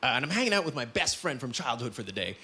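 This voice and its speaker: A young man from Canada doing an animated stand-up set into a stage mic, breaking into loud character voices. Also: mid-range voice, quick pace. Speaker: stand-up comedian. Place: comedy club stage. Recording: live club with audience.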